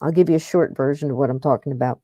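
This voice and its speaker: A woman's voice: rumbling low, rapid-fire, mellow, no echo. A middle-aged woman hosting a paranormal podcast, talking in a rambling, chatty way that often breaks off and restarts. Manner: rambling, chatty, self-interrupting. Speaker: podcast host. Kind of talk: casual paranormal podcast talk.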